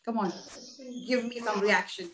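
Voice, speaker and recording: A woman's voice: medium pitch, moderate pace, crowd noise. A woman teacher giving an interactive class, asking her listeners questions and repeating herself as she explains. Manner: asks the class questions, repeats words, animated. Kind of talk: interactive online class talk.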